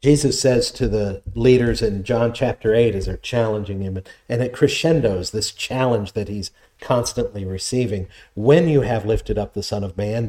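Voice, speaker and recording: A man's voice: lowish voice, mellow. A man preaching a sermon, reading scripture aloud and explaining it in an earnest, emphatic way.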